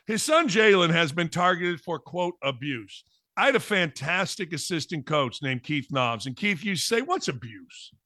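A man's voice: fairly high pitch, animated, moderate pace, few pauses, bright, forceful tone, dry recording, clean studio sound. A middle-aged man and former coach hosting a sports talk show, brash, blunt and sarcastic in his opinions.

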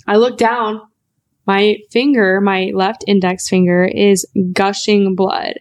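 A woman in her twenties co-hosts a podcast, telling a story in casual chat with a slow, mid-range voice. She's animated, acts out quotes, and swears freely.

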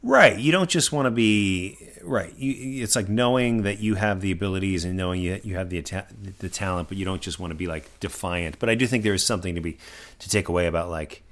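A man's voice: deep voice, fairly quick, few pauses, a bit bright. A middle-aged man co-hosting a podcast in casual chat, reflective and hesitant, with many fillers. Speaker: podcast co-host.

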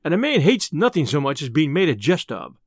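Expressive male storybook narrator. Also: a little high, a little fast, no echo, studio quality. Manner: expressive, old-style storytelling.

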